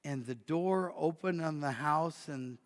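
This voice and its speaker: A man preaching and telling a story, swinging from loud bursts to near whispers. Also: on the high side, unhurried. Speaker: pastor. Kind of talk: sermon storytelling. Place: church sanctuary. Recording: long church hall reverb.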